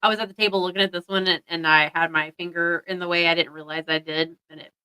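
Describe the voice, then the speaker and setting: A woman's voice: lowish voice, fairly even intonation, quick pace, pushed and bright, smooth, rough recording. A woman co-hosting a casual chat show, chatty and self-deprecating. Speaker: podcast co-host.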